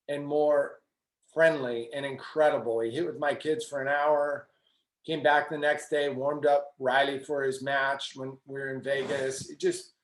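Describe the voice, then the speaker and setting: A middle-aged male tennis coach speaking in a webinar, his voice sitting a little high for a man. He tells his stories with quoted asides and keeps dropping in "you know". The sound is roomy and echoey. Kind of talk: webinar talk.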